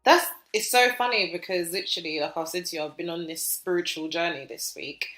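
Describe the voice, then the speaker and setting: A woman's voice: on the low side, a little fast, faint music behind. Chatty British woman in an echoey room. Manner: chatty, animated storytelling with many fillers. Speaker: podcast co-host. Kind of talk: casual podcast chat.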